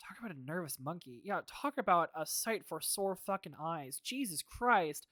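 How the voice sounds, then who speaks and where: A woman streamer giving casual, excitable commentary on a game, swearing and laughing often. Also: fairly low pitch, moderate pace, few pauses, dry recording, clean studio sound.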